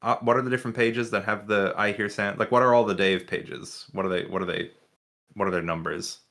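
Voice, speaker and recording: A man in a casual chat about game lore, asking halting, repeated questions. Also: fairly low pitch, fairly even intonation, a bit bright. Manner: halting questions, laughs often.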